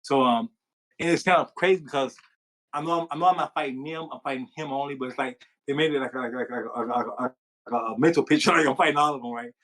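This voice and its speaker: Fast-talking former boxer telling a story. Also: male voice, medium pitch, rough recording. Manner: rambling, animated storytelling with many fillers. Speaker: interview guest, former boxer. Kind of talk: storytelling interview.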